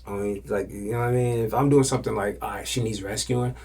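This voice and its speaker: A man hosting a podcast, telling stories casually in loose slang and often dropping to a hushed whisper. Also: fairly low pitch, steady tone, fast talker, slightly rough. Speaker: podcast host. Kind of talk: casual storytelling.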